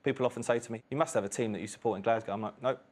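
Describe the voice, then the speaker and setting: A man's voice: medium pitch, steady tone, racing, darkish tone. A man, a quiz contestant, chatting casually and hesitantly, with many fillers. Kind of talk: casual chat.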